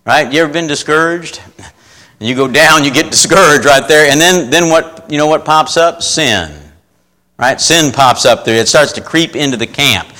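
Bright-voiced folksy male preacher. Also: fairly high pitch, normal speed, poor audio. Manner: folksy, repetitive, asks the congregation questions. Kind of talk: informal sermon with scripture reading.

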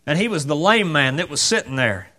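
Man preaching, church sermon, somewhat high voice, lively swooping delivery, asks the crowd questions. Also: brisk. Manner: conversational, rhetorical questions, acts out quotes.

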